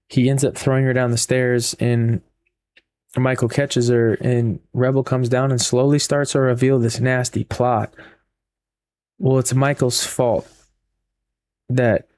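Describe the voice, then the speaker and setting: A man's voice: mid-range voice, darkish tone. A man giving a casual spoken book review, retelling the plot in a rambling way with frequent repeats and fillers.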